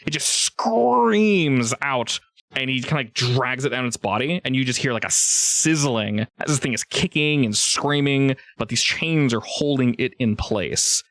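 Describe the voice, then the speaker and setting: A man's voice: medium pitch, moderate pace, hardly any pauses, a bit bright, no echo, clean studio sound. Rambling man running a tabletop game. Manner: rambling, laughs often, many restarts. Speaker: game master.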